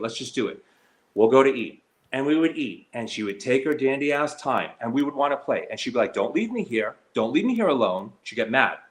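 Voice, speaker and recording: Heated, stammering man streamer. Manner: heated, hurt, stammering with many fillers; mocks others in a shrill high voice when quoting. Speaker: slots streamer. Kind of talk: emotional live stream talk.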